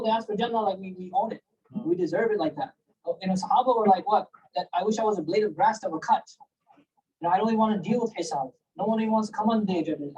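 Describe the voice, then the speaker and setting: A woman teaches religious history at a brisk clip, her voice fairly high and a little husky. She tells her stories with animation, acting out the people she quotes and reciting Arabic verses. The low-quality recording sounds distant from the mic. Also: darkish tone. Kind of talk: storytelling religious lecture.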